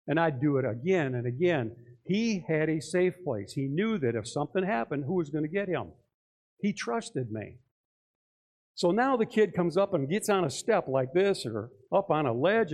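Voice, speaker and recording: An older man preaching with a lively, swinging delivery and a slightly higher voice than most. He acts out little scenes and keeps tossing questions to the congregation. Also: normal speed. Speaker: pastor. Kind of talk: sermon.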